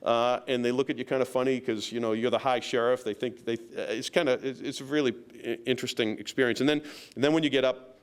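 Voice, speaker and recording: Speaking as a county sheriff at a local meeting, a man tells his story in a loose, rambling fashion, packed with fillers and self-deprecating humor. His voice is smooth and resonant at an ordinary male pitch, delivered fast with fairly even intonation.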